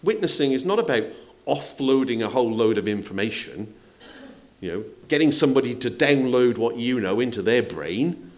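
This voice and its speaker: A man's voice: medium pitch, lively intonation, moderate pace. A man preaching a sermon in a conversational way, asking the congregation questions and acting out quotes. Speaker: pastor.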